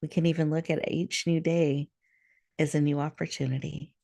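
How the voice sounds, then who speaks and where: A woman hosting a show, leading listeners through a guided breathing meditation in a soft, soothing way over a video call. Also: sits low, flat delivery, vocal fry, dry recording, clean studio sound. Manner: soft, slow, soothing guidance. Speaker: host.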